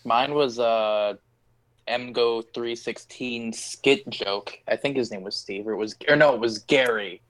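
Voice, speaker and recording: A man's voice: mid-range voice, a little slow, a bit bright, low-quality recording. A man in a casual podcast chat, making wry joking asides about a show. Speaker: podcast co-host.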